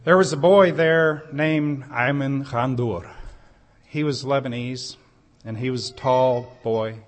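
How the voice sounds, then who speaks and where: A man delivers a sermon at a very unhurried pace, weaving a personal story into his teaching. His mid-range voice turns earnest and emphatic as he lifts certain phrases. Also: medium pitch, steady tone. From United States. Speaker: preacher.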